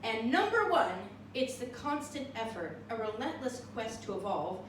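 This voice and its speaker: A cabaret comedian from California chats with a small live audience between songs, mixing singing and stand-up with wry, self-mocking humor. Her slightly high voice is very animated and at normal speed, recorded from a distance in an echoey live room with music and slight background noise.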